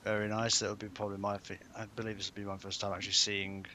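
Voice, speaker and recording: A man's voice: fairly low pitch, flat delivery, fast talker, bright, forceful tone, slight background noise. A man co-hosting a podcast, talking casually and hesitantly, stumbling over words. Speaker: podcast co-host. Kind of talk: casual chat.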